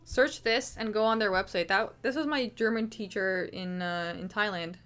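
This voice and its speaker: A woman's voice: medium pitch, normal speed, fairly bright tone, faint music behind. A woman hosting a livestream, chatting casually and rambling with swearing and lots of restarts. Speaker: livestream host.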